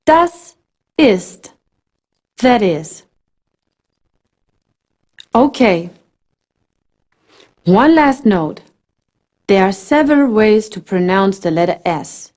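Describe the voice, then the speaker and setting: Slow, mellow-voiced woman teaching a language. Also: a little high. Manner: slow, carefully enunciated model phrases. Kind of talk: scripted language lesson narration.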